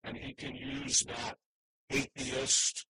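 Earnest bright-voiced male preacher. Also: medium pitch, level tone, slow, a little hiss or hum, rough recording. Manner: earnest, emphatic preaching with restarts. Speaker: pastor. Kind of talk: sermon.

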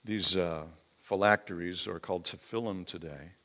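Male preacher, lowish voice, relaxed teaching tone that spikes into emphasis. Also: moderate pace. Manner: conversational teaching with emphatic outbursts. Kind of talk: sermon.

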